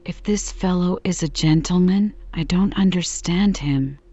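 Woman doing a bullying blowhard lawyer guy, scornful, low dark voice, muffled recording. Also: unhurried, no room sound. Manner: loud, scornful and overbearing. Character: blustering bullying male lawyer. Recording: dull lo-fi recording.

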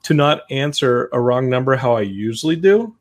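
Man telling deadpan stories. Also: medium pitch, normal speed. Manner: storytelling, deadpan joking. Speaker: podcast host. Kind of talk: casual chat.

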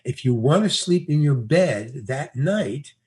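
A man's voice: medium pitch, slow pace, husky. A man telling a casual anecdote, acting out the dialogue and laughing often. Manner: animated storyteller, acts out dialogue, laughs often.

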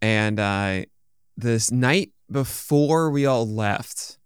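A man hosting a casual chat, telling stories in a relaxed, rambling way. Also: mid-range voice, very slow, clean tone, no echo, studio quality. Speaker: host.

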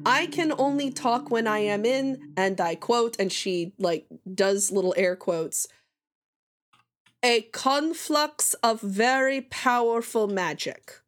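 A woman voicing a talking haunted sword with a put-on fantasy accent, speaking in an indignant, fussy, deliberate way. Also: on the high side.

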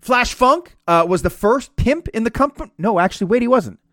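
A man's voice: extremely high pitch, lively intonation, brisk, a bit bright, no echo, studio quality. A man hosting a comedic podcast, talking in a sarcastic, profane, ranting way. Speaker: podcast host.

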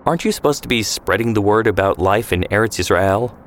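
A man voicing a tough, blunt young woman pioneer in an audio story, with sharp, sarcastic retorts. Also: on the low side, a little fast, a little hiss or hum, lightly acted. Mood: sardonic.

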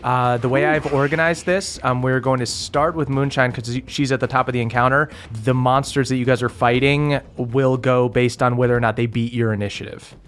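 Halting male game master. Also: mid-range voice, fairly even intonation, a little hiss or hum. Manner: halting, full of ums and uhs. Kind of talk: narrating a tabletop game.

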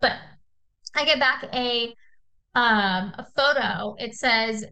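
A young adult woman co-hosting a podcast, telling a story in casual chat, animated and swearing freely as she acts out quoted texts. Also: a little high, takes it slowly, highs cut off. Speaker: podcast co-host.

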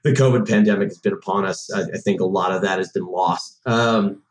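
A man's voice: low-pitched, steady tone, brisk, slight background noise. A man in his thirties from Massachusetts, a podcast guest chatting casually and rambling with lots of fillers and restarts. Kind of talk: casual chat. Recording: roomy echo.

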